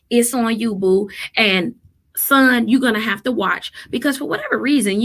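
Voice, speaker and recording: A woman in her thirties, a therapist and mother, telling parenting stories in a casual, emphatic vlog style. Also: fairly high pitch. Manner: animated, emphatic, quotes people in lively voices.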